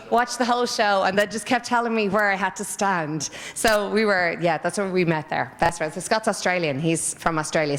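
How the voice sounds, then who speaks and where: Chatty Irish woman, echoey hall. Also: lowish voice. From Ireland. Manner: chatty, rambling anecdotes. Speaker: interviewee, former stage dancer. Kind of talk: casual interview.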